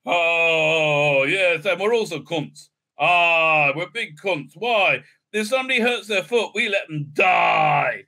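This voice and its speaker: A man's voice: expressive, takes it slowly, vocal fry, pushed and bright, full character voice. Man putting on a sing-song mock-Irish halfling. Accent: exaggerated mock Irish. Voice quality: high, sing-song, overdone. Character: mock-Irish cheerful halfling, smug and callous.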